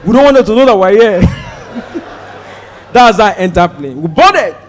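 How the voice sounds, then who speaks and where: Nigerian male stand-up comic, high and very expressive voice, storytelling delivery. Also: measured pace, long reverb tail, a little hiss or hum. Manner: animated, shouts and mimics voices while telling the story. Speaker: stand-up comedian.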